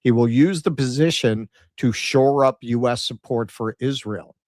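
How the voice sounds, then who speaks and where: A man's voice: mid-range voice, measured pace, darkish tone, no room sound, clean studio sound. A man co-hosting a casual political commentary stream, reading out figures and quotes with sarcastic asides. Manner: sarcastic, reads out poll numbers and quotes, mocking asides.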